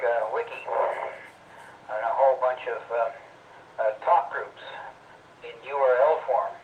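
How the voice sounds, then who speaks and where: Halting ham operator over echoey radio. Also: male voice, mid-range voice, narrow, tinny audio, a little hiss or hum. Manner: halting, lots of "uh". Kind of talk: casual radio chat. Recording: echoey distant radio transmission.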